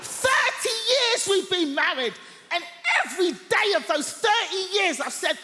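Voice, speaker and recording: A woman's voice: very high voice, sing-song, unhurried, bright, forceful tone, voice pushed up, exaggerated voice. A woman comedian voicing a cranky, flustered older husband who grumbles from hiding. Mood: exasperated grumbling. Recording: echoey theatre hall, faint noise.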